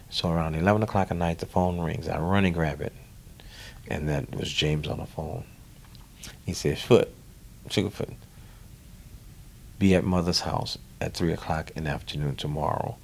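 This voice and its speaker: Deep gravelly New Orleans man telling stories. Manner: animated storyteller, repeats words, acts out quoted voices. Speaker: guest musician. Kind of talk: storytelling interview.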